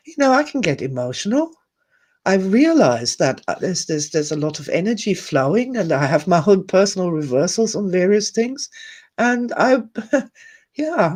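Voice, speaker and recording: Woman host of a live stream, earnest and musing, slow husky voice with a lively, rising and falling pitch. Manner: earnest, musing, reading viewer comments aloud; laughs softly between thoughts. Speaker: host of a live online talk. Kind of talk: reflective live-stream monologue.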